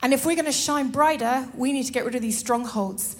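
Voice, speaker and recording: A woman preaching a sermon in a lively way, often laughing and acting out little scenes. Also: high-pitched, a little fast.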